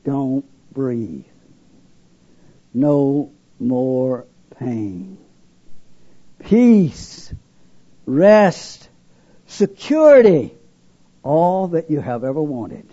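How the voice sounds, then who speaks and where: A man voicing the devil pretending to be God, speaking slowly in a soft, coaxing tone. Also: mid-range voice, very animated, pitched below the performer's own voice, heavily acted. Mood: soothing. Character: lying devil posing as God, soft, soothing, male. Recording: dull lo-fi recording.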